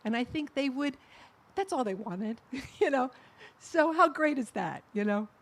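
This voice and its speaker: A middle-aged woman giving a personal eulogy at a memorial service, telling fond anecdotes with soft laughs. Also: high voice, expressive, measured pace.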